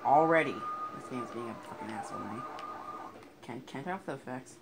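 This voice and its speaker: A man's voice: mid-range voice, wildly swooping pitch, quick pace, creaky. A man playing through a video game and commenting, often frustrated and swearing at it. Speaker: gamer. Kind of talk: let's play commentary. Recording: noisy game audio with sirens. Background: police sirens and game sounds.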